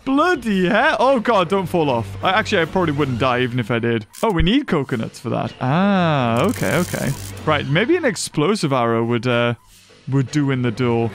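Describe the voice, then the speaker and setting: A man giving excitable let's-play commentary as a gaming channel host. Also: a little high, moderate pace, soft background music. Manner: excitable, exclaiming.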